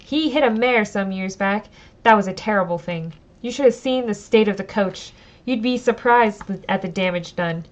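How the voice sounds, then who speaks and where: A woman's voice: medium pitch, moderate pace, close to an everyday voice. A woman reading the lines of a chatty, welcoming village landlady, a little lighter than her own voice, without an accent. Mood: warm. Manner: read lightly, no Irish lilt imitated.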